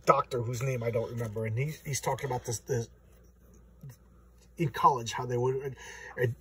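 A man with a very husky, breathy voice rambles through a casual comic book review, restarting his sentences as he goes. His voice sounds a little distant from the mic. His pitch sits at an ordinary middle level. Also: moderate pace. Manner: rambling and animated, with many restarts and acted-out quotes.

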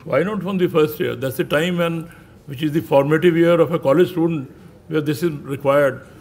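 A middle-aged man delivers a formal address to a seated audience in a conference hall. His voice sits somewhat high. He wanders from point to point, hesitates on "uh", and presses the audience with rhetorical questions. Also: a little mellow, husky. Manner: discursive, with many filler pauses and rhetorical questions. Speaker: guest speaker at an academic convention.

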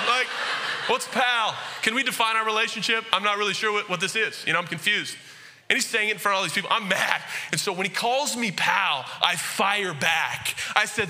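A man preaching with a high, very bright, ringing voice. He tells a funny story with lively energy and acts out the voices of the people in it before turning to his sermon point. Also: a little fast, slight background noise. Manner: animated, jokey, acts out quoted voices. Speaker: pastor. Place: church sanctuary.

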